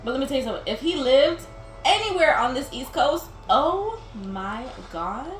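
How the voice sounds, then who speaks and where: With game music in the background of a roomy recording, a young gaming host chats and laughs as she plays, rambling and using "like" constantly. Her voice sits high, with big pitch swings at a normal pace.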